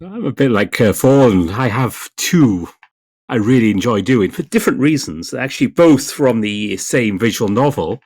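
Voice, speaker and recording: Man calmly explaining his voice work. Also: medium pitch, moderate pace, breathy edge, no echo, studio quality. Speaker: voice actor guest. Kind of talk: casual podcast chat.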